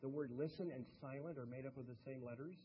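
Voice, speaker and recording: Older male motivational speaker, animated and humorous, middle pitch, tinny lo-fi recording with faint hiss. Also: quick pace. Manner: animated and humorous, rising to loud punchlines. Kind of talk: speech to a live audience.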